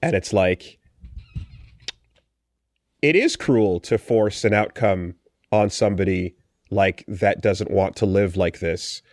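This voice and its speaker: Animated, sarcastic man on a podcast. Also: low-pitched, slow pace, long pauses, no echo, studio quality. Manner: animated, restarts often, sarcastic asides. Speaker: podcast co-host. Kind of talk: casual podcast discussion.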